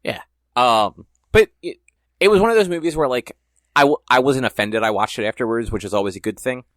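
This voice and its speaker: A man's voice: medium pitch, expressive, fairly quick, a bit bright, no room sound, clean studio sound. A young man co-hosting a podcast, rambling in casual chat and leaning hard on filler words. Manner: rambling, heavy use of "like". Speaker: podcast co-host.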